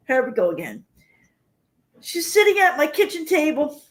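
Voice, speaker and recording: A woman's voice: high-pitched, sing-song, moderate pace. An older woman hosting a livestream, chatting casually with viewers and rambling through personal stories. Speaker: livestream host.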